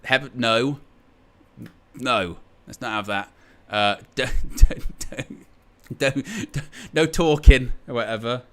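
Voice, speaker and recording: A man's voice: medium pitch, slow pace. A man hosting a live match-day stream, chatting casually in a rambling, jokey, sarcastic way.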